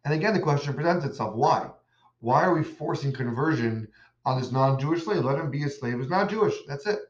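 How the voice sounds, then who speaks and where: A man's voice: medium pitch, animated, brisk. A man teaching a religious lesson, telling stories and asking emphatic rhetorical questions, in an echoey, dull recording. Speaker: Torah teacher. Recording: echoey room, dull lo-fi sound.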